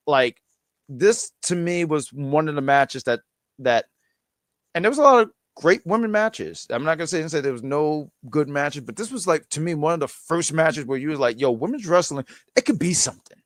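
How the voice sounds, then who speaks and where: A man's voice: fairly high pitch, expressive, normal speed, no echo. Enthusiastic man hosting a podcast, dry sound. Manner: enthusiastic, stumbling restarts. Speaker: podcast host. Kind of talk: casual chat.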